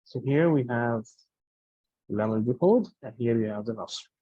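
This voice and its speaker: A man teaching Arabic grammar in English. He recites Arabic verses quickly and explains them with many fillers and restarts. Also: medium pitch, lively intonation, no echo, lo-fi sound. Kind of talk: recorded lesson explaining grammar.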